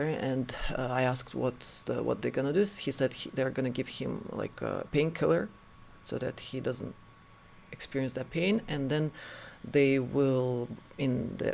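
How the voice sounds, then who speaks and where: Gravelly man telling a story. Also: medium pitch, slight background noise. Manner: earnest, halting retelling with frequent restarts. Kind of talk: personal story told to camera.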